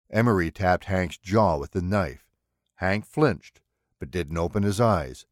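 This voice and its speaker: A male audiobook narrator reads scripted narration slowly in a low voice, his storytelling measured and expressive. The sound is clean studio audio with no echo.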